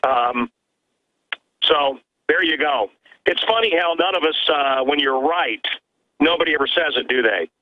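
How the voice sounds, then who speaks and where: A man's voice: fairly high pitch, measured pace, dry recording. Emphatic man on a tinny phone line. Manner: emphatic, stammering restarts. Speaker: radio host calling in as guest. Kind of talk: animated call-in conversation. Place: his own radio studio. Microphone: telephone line.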